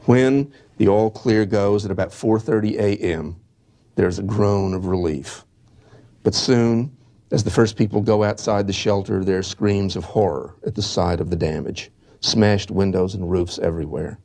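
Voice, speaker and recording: A man giving a history lecture, reading eyewitness accounts in a measured, halting way with small restarts. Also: fairly low pitch, dark tone.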